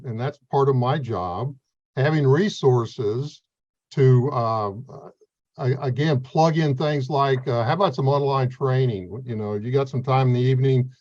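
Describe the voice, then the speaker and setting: A man's voice: medium pitch, a little mellow. A man coordinating veteran mentors, earnestly explaining their role in an interview with plain talk and fillers. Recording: slightly dull, lo-fi sound.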